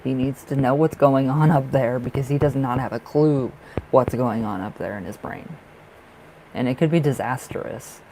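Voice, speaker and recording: A man's voice: medium pitch, normal speed, dark tone, slight background noise, rough recording. A man giving a live-streamed tarot reading, talking in a rambling, emphatic way with many fillers and blunt, salty language. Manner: blunt, swears freely. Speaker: tarot reader.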